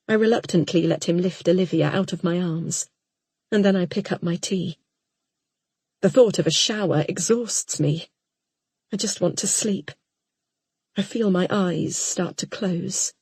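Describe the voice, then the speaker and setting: Female audiobook narrator, unhurried and intimate, breathy tone, dry booth recording. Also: medium pitch, darkish tone, dry recording. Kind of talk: first-person audiobook narration.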